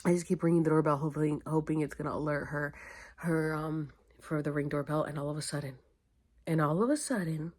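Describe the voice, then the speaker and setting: A woman's voice: low voice, fairly even intonation, darkish tone. Weary young woman vlogging to her phone. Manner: emotional, rambling, fast when telling a story. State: tired and weepy. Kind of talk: casual vlog.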